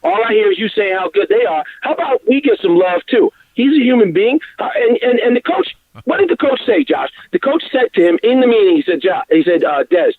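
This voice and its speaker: Male caller, argumentative, tinny phone line, high and very animated. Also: fairly quick, hardly any pauses, no echo. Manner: argumentative, lively, restarts to make his point. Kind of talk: heated sports debate by phone.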